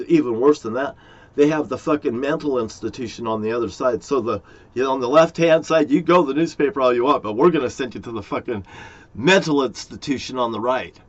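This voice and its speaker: A middle-aged man talking in a rambling, aggrieved monologue to his viewers, swearing often. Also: fairly high pitch. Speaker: vlogger. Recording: dull lo-fi recording.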